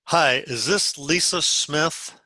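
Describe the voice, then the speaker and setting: Bright-voiced man coaching a sales team. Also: a little high, takes it slowly, no room sound. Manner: instructive, walks through phone scripts step by step. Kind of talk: coaching a group over a video call. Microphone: video call.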